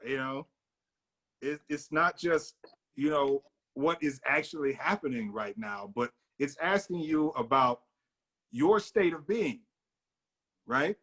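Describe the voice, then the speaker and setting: A man's voice: a little high, expressive, takes it slowly, long pauses, a bit bright. A man leading a casual book discussion, talking thoughtfully with many fillers and restarts. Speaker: discussion leader.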